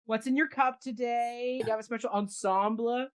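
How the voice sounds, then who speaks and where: A woman's voice: fairly high pitch, fairly even intonation, moderate pace. Upbeat woman hosting a talk show. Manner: upbeat, enthusiastic introductions. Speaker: host. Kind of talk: casual chat.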